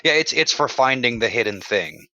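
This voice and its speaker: A man's voice: medium pitch, animated, normal speed, pushed and bright, no echo. A man explaining tabletop game rules with stammering restarts. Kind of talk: casual tabletop game chat. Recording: slightly muffled mic.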